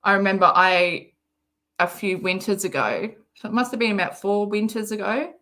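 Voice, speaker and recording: A woman's voice: medium pitch, normal speed, sharp tone. A woman with an Australian accent chatting casually on a livestream, reading out viewer comments between giggly, rambling asides. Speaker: livestream host reading chat.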